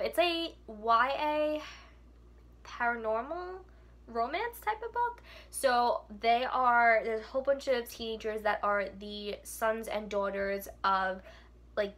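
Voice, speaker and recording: Bright-voiced young woman gushing. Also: a little high. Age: young adult. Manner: gushing, with many "like" fillers. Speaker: book vlogger. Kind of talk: casual chat.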